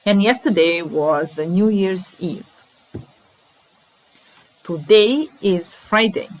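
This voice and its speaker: Slow, careful woman teaching English words. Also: lowish voice, animated, rough recording. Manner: slow, deliberate, repeats example sentences. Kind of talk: vocabulary lesson mixing English and Serbian.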